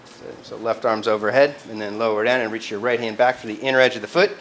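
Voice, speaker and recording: A man's voice: lowish voice, fairly even intonation, quick pace, a bit bright. A man teaching a live yoga class, giving cues in a casual, loose way and swearing freely. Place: yoga studio. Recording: echoey studio, faint ambient noise.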